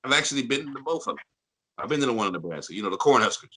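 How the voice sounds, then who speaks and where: A man in his fifties from St. Louis with a deep bass voice, telling stories as an interview guest in an animated way and slipping into impressions. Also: rapid-fire, breathy edge, poor audio. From St. Louis, Missouri. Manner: animated storyteller who breaks into impressions and laughs. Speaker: guest voice actor. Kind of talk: casual interview storytelling.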